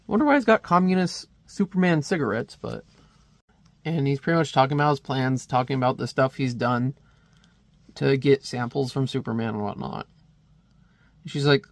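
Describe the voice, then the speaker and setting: A man's voice: mid-range voice, moderate pace, dry recording. Rambling casual comic reviewer, man. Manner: casual, rambling, chuckles at the panels.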